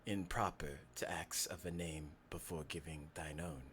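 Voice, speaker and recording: A man voicing a dark-furred, fox-like male spirit who speaks low and hushed in a formal, archaic way. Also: fairly even intonation, normal speed, a little hiss or hum. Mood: courtly.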